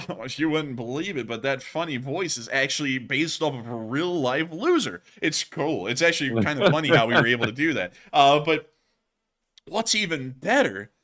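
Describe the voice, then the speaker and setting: A man hosting a casual live stream, excitable and laughing often, with sudden loud exclamations. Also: mid-range voice, moderate pace, hardly any pauses. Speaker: livestream host.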